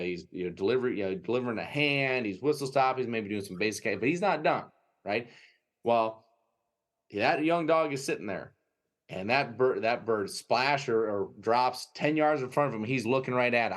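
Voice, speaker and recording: A man talks shop as a dog trainer on a podcast, in a middle-range voice. He tells stories with energy and acts out the voices of dogs and owners. His speech is loose and casual, full of fillers and "right?" checks. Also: medium pitch. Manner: animated storytelling, acting out dogs and owners; filler-heavy, frequent "right?" tags. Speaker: dog trainer and breeder, guest.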